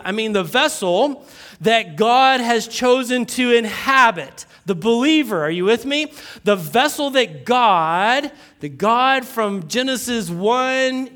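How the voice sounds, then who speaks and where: A man preaching a sermon as pastor, repeating his points, asking the congregation questions and joking, rising and slowing on key words. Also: sits high, a bit bright.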